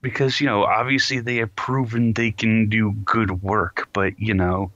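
A man co-hosting a podcast in casual chat, ranting in an animated, exasperated way with sighs. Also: on the low side, normal speed, no echo, highs cut off. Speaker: podcast co-host.

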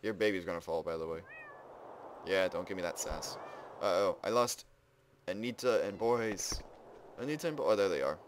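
A man giving casual let's play commentary, excitably exclaiming and narrating what he does in the game. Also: low-pitched, normal speed, pauses often, a little hiss or hum. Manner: excitable, exclaims and narrates his own actions. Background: game music.

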